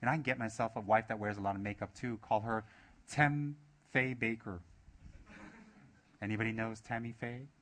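A man's voice: fairly low pitch, fairly even intonation, normal speed, fairly bright tone. A man giving a Buddhist dharma talk, emphatic and repetitive, asking many rhetorical questions. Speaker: Buddhist teacher.

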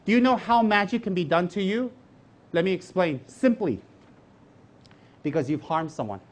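Joking man giving a dharma talk. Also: sits high. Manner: animated, joking, with rhetorical questions; acts out voices of others. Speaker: Buddhist teacher.

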